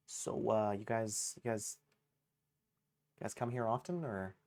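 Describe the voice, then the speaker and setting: A man's voice: lowish voice, animated, slow pace, darkish tone, a little hiss or hum. Rambling, self-mocking male streamer. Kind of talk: casual gaming livestream chatter.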